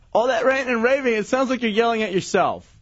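A man's voice: very high voice, brisk, fairly bright tone, no echo, dull audio. A man hosting a radio show, teasing a co-host and reading listener messages between laughs. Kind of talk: casual radio banter.

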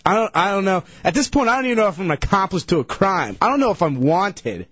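A tired man with a high, fairly bright, sing-song voice talks a little fast with few pauses, telling a rambling story as a regular guest on a radio show. He hesitates and restarts sentences, and the studio mic captures a dull, dry broadcast.

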